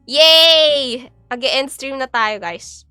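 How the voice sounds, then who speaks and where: A woman's voice: high voice, lively intonation, takes it slowly, bright, forceful tone, clean tone, no room sound, faint music behind. A young Filipino woman with a Filipino accent, chatting casually on a live stream, giggly and mixing Tagalog with English. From Philippines.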